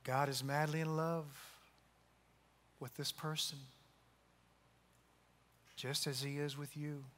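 A man preaching a sermon, telling a story and acting out the voices in it, sometimes dropping to a soft, hushed tone. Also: fairly high pitch, little pitch movement, takes it slowly, pauses often. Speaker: pastor. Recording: long hall reverb.

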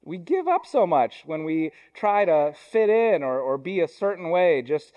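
A young adult man preaching a sermon in a church, conversational, with self-deprecating asides, moving between quick runs and slow, deliberate lines. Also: a little high, sing-song, darkish tone, lo-fi sound. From Ohio, US. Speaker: pastor.

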